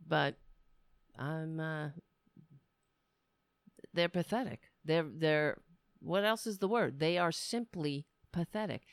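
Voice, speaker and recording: A woman's voice: deep voice, takes it slowly, long pauses, clean tone, no echo, clean studio sound. A woman commentator delivering an indignant, sarcastic rant. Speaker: political commentator.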